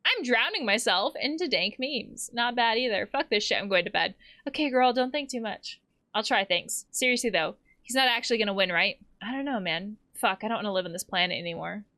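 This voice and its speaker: A woman therapist with a fairly high, expressive voice reads text messages out loud as she plays a game, talking fairly quickly in a bright, forceful tone. Her manner is playful, with laughter and swearing between each line.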